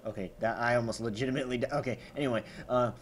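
A man's voice: medium pitch, steady tone, racing, slight background noise. A man doing comedic gameplay commentary as a gaming YouTuber parody, overexcited and full of gasping exclamations, with sarcastic asides.

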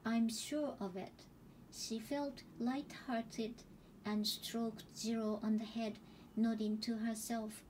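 Slow, soft-toned woman reading a story. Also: a little high, steady tone, recorded from a distance, slight background noise, low-quality recording. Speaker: audiobook reader.

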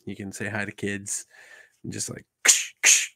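A man's voice: on the low side, completely flat delivery, normal speed, creaky, bright, forceful tone. A man chatting casually on a live stream, thinking aloud with restarts and greeting viewers while showing a puppet build.

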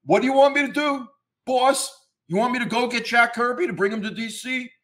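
A man's voice: very high-pitched, fairly quick, a bit bright, pitched above the performer's own voice. A man doing a fawning, dim-witted publisher. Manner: eager, servile, calls everyone boss.

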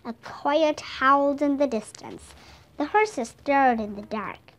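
A woman whose first language is Vietnamese, reading a children's audiobook aloud in a clear, expressive way. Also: high-pitched, slow pace. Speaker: storybook reader.

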